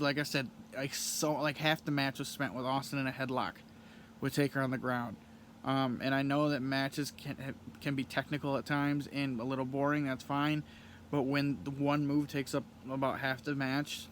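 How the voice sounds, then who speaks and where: A young man hosting a podcast, recapping and reviewing a match in a casual, rambling way with many pauses and restarts. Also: mid-range voice, fairly bright tone, slight background noise. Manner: rambling, frequent ums and restarts.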